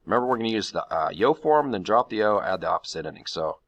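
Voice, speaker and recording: Bright-toned male Spanish teacher. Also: lowish voice, animated, fast, lo-fi sound. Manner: patient, step-by-step explaining. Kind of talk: classroom grammar lesson.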